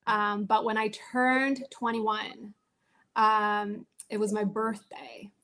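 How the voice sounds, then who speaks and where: A woman's voice: medium pitch, slow. A woman in her thirties, a founder and CEO, telling her life story as a podcast guest and acting out family conversations. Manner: animated, acts out family dialogue. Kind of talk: storytelling interview.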